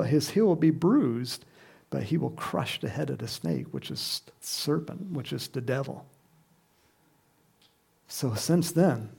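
A man preaching a sermon, animated, who acts out the crowd's shouts and reads scripture aloud. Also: medium pitch, gravelly. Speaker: pastor.

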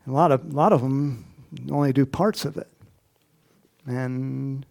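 A pastor speaks in a mid-range, darkish voice with vocal fry, keeping a steady tone and measured pace. His casual sermon unfolds as storytelling, with Bible characters acted out in voices and frequent conversational asides to the congregation.

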